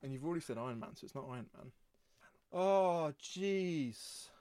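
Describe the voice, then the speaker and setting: A man's voice: a little high, expressive, moderate pace, warm tone, clear, resonant tone, dry recording. A young man co-hosting a podcast in casual, jokey, self-deprecating chat. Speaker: podcast co-host.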